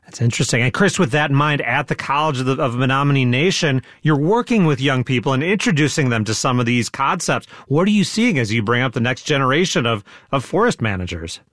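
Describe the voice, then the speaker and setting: A man with a mid-pitched voice interviews two guests, asking conversational follow-up questions. His voice sounds dry and close, with no room echo. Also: animated, a little fast, hardly any pauses, fairly bright tone. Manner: conversational, asks follow-ups.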